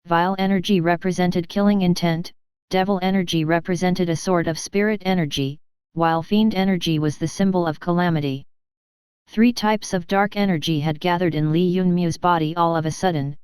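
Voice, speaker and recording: A woman narrating a fantasy audiobook in a steady, even reading. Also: lowish voice, clear, resonant tone, dry recording. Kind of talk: scripted narration.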